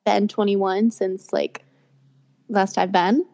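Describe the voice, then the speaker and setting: A woman's voice: medium pitch, steady tone, slow pace, creaky, a little mellow, long reverb tail. A young woman in her twenties co-hosting a casual chat, laughing along and chatting. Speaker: podcast co-host.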